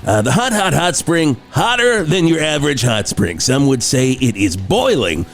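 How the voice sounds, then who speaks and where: A man's voice: medium pitch, big pitch swings, normal speed. A man playing a cheesy morning rock radio host who rambles through his show patter. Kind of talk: improvised comedy.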